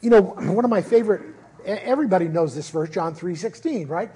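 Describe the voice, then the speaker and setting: A man's voice: high voice, lively intonation, brisk, warm tone, slightly rough. A man preaching a conversational sermon as pastor at a church service, earnest and informal with frequent restarts.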